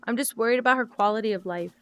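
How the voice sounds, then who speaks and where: A woman's voice: on the high side, quick pace, clear, resonant tone. A woman streaming a game, chatting casually and emotionally with viewers while she plays.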